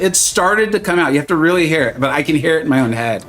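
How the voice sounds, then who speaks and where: A man with a slightly high, fairly bright voice talks fast and expressively with few pauses during a casual game stream. He jokes with viewers and greets them by name as faint music plays behind.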